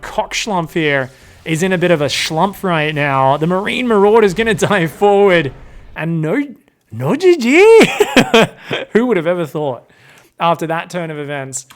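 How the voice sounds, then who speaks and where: Brief: young man, game caster, slightly high voice, excitable and jokey, laughs a lot and slips into playful mock voices. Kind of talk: excitable esports commentary.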